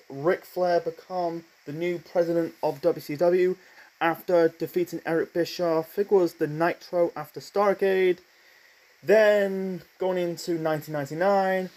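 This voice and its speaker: A man giving a casual spoken review of a wrestling show, rambling with many fillers and asides, and admitting he talks too fast. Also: on the high side, darkish tone, poor audio.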